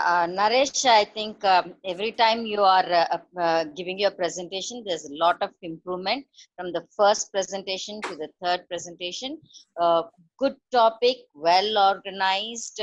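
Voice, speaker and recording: A woman's voice: mid-range voice, normal speed, dry recording. A woman teacher, praising a student's presentation with some fillers. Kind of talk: giving feedback in an online seminar. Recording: dry, dull lo-fi mic.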